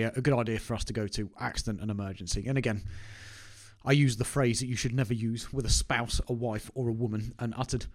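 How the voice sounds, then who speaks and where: A man, telling a personal story to camera in a chatty, self-mocking way. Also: mid-range voice. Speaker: business owner vlogger. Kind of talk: casual anecdote to camera.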